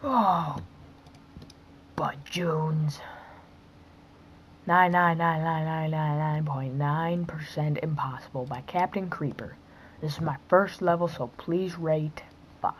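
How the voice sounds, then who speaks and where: A woman recording let's-play commentary who breaks into sudden excited yelps and mutters whispered asides under her breath. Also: low-pitched, slow, a little hiss or hum. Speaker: gaming video host.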